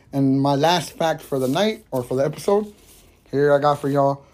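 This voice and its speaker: A young man with a mellow, dark-toned voice hosts a loose, casual podcast. He rambles from thought to thought, swears constantly and breaks into laughter often. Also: a little high, moderate pace. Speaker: podcast host. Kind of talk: casual stoner podcast chat.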